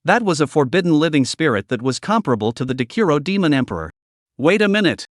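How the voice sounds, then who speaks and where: A man narrates a comic recap in a steady, even reading voice. His voice sits a little high for a man, recorded dry and close to the mic with no room sound. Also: quick pace, no echo.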